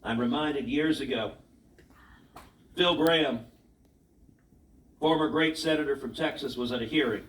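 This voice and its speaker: A man's voice: mid-range voice, unhurried, pauses often, a bit bright. A man, a senator, giving an emphatic public keynote speech with rhetorical questions and anecdotes, heard in a large hall. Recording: echoey hall, voice from far off, faint noise.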